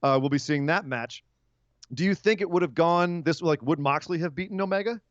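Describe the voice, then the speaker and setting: A man's voice: fairly high pitch, brisk, no room sound, highs cut off. A man hosting a wrestling podcast, chatting casually and teasing his co-host. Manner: joking, ribbing his co-host.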